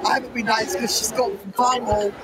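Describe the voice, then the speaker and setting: A woman baker being interviewed at a busy baking show, animated and laughing, her voice going hoarse with a cough. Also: fairly high pitch, normal speed. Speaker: guest baker. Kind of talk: chatty interview at a live show. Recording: loud crowd at a busy show. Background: crowd chatter and noise.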